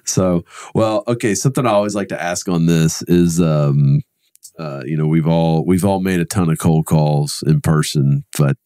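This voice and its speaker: A man's voice: a bass voice, dark tone, no echo, studio quality. A man hosting a podcast, chatting casually and rambling with frequent restarts. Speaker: podcast host. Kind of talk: casual interview chat.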